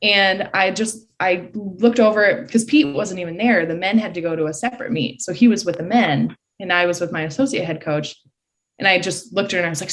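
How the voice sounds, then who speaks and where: A woman in her early twenties from Michigan, a guest excitedly retelling a race in a casual voice full of "like" fillers. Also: fairly low pitch, fairly quick. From Michigan, USA. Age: early 20s. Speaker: podcast guest, college swimmer. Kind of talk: casual storytelling.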